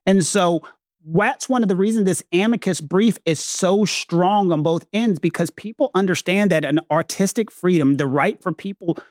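A man with a Southern American accent holds forth on legal matters in a lecturing, emphatic way, stacking repeated phrases. His voice sits high for a man, and the recording is dry and close. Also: moderate pace, a little mellow, no echo. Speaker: legal commentator co-host. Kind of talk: podcast discussion.

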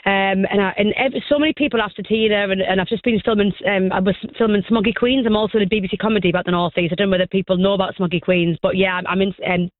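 Radio guest: quick, effusive woman, dry phone-line sound. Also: mid-range voice, steady tone, dry recording. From North of England. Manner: bubbly, gushing, fast and effusive. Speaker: guest singer and actress. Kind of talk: chatty radio interview.

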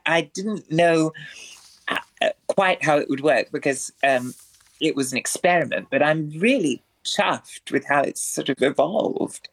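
A man's voice: on the high side, fairly bright tone. A man, a performer as a guest in a radio interview, speaking in a florid, theatrical way with elaborate vocabulary. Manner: florid, theatrical speech full of ornate words.

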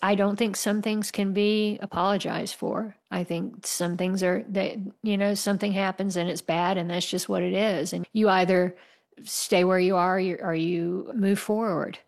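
A woman's voice: medium pitch, steady tone, normal speed, gravelly. A woman from the United States, an author answering interview questions in a candid, passionate way and laughing wryly. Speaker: author guest.

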